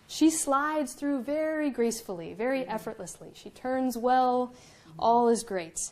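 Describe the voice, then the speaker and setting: A young woman with a slightly high voice gives a museum talk as a Coast Guard officer. She tells stories with lively, self-mocking humor. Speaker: Coast Guard officer giving a public lecture. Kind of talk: public lecture with anecdotes. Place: museum lecture room.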